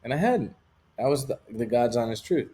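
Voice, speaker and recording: A man's voice: medium pitch, animated, moderate pace, warm tone, slight background noise. A man talking as an interview guest, telling a personal story in a candid, rambling way with lots of casual fillers.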